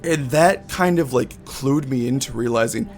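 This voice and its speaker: A man's voice: medium pitch, normal speed. Male streamer, casual and rambling, swears freely, faint music behind. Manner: rambling, profane, many restarts. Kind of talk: casual chat on a game stream.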